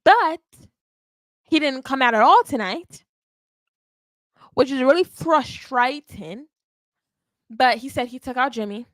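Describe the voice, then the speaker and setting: A woman hosting a wrestling podcast, recapping a live show in an animated, emphatic way and often checking in with "okay?". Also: sits high, slow, pauses often, dry recording. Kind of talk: live watch-along recap.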